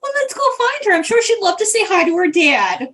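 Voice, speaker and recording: Casting: fussy, pushy older lady, woman game master doing the voice; very high, sing-song, sugary. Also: sing-song, brisk, fairly bright tone, full character voice. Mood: doting. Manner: sing-song, calls everyone dear. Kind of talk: tabletop role-play.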